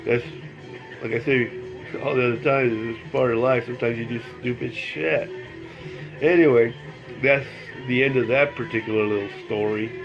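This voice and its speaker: A man's voice: medium pitch, fairly even intonation, moderate pace, music in the background. Older male vlogger, casual rambling storyteller, salty language, dull lo-fi audio. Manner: rambling, repeats phrases, casual cursing. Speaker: vlogger telling life stories.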